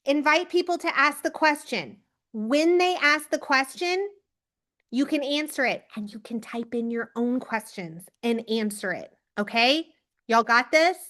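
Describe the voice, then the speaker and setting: A woman leading a team training on a video call, giving an energetic pep talk and calling on people by name. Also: sits high, measured pace. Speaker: team leader coaching recruits.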